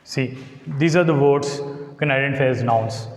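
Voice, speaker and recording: A man with an Indian English accent teaching a lesson on English word stress, slowly repeating words and rules and checking that students follow. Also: mid-range voice. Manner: slow, repeats words and rules, asks "got it?". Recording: echoey room, long reverb.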